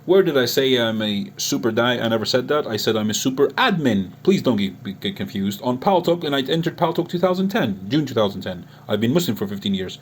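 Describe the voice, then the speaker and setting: A man's voice: mid-range voice, expressive, fairly quick, few pauses, slight background noise. A man addressing a critic in an unscripted online monologue, earnest and emotional, often restarting his sentences. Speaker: online Islamic preacher and chat-room admin.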